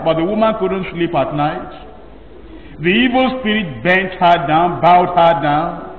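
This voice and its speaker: A male pastor preaching a sermon slowly and emphatically, drawing out his phrases. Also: sits high. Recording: echoey hall from far off, dull.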